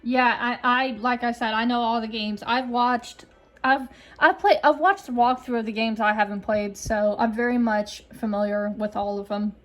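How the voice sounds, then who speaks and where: A young woman giving casual let's play commentary, chatty and quick to react, with plenty of fillers. Her voice sits high. Faint music plays underneath. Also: steady tone, poor audio.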